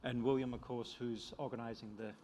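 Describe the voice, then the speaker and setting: A man's voice: mid-range voice, little pitch movement, fairly quick, dark tone, a little hiss or hum. An older man with a Scottish accent giving a conference talk about his book, rambling and self-deprecating, with many restarts. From Scotland. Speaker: economist presenting a book. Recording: lecture hall reverb.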